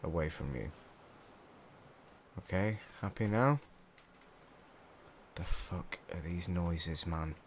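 This English gamer, a young man in a small room at home, narrates his play in a jumpy, panicky way with lots of swearing. He speaks low and slowly, pausing often, over a little hiss or hum.

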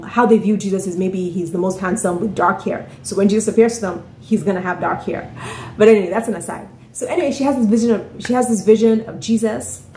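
A woman's voice: mid-range voice, mellow, a little hiss or hum. A woman telling a story in a casual vlog, chatty, often asking "right?" and "you know". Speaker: author and vlogger. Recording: roomy echoey room.

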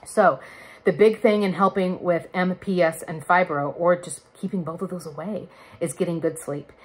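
A woman's voice: on the low side, fairly even intonation, normal speed, slightly rough. A woman in her thirties chatting candidly to camera in a casual vlog, laughing now and then. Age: 30s. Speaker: vlogger. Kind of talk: casual chat.

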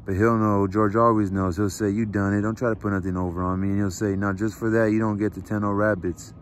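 Big simple farmhand guy, fretful and slow-talking, man reading him aloud, low voice. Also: level tone, slight background noise, close to an everyday voice. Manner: simple, plodding, fretful speech. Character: big slow-witted gentle ranch hand man. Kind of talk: book read aloud.

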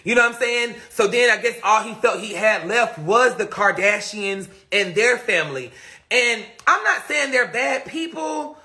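High-voiced guy rambling on a phone live, cursing a lot, bright gravelly tone. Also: animated, moderate pace. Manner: rambling, profane and emphatic. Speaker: livestreamer answering viewer comments. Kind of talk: casual livestream chat.

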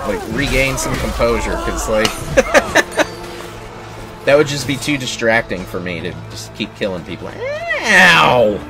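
Over game music and battle sounds, a young man hosts a gaming video with casual gameplay commentary, rambling jokes, swearing and laughing constantly. His voice is on the low side and animated, at normal speed.

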